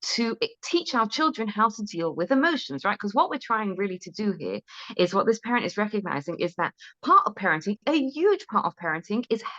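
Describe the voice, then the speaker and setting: A woman's voice: mid-range voice, big pitch swings, a little fast, fairly bright tone, dull audio. A woman guest in an interview, giving parenting advice in an earnest, conversational way, often checking in with "right?" and restarting her sentences.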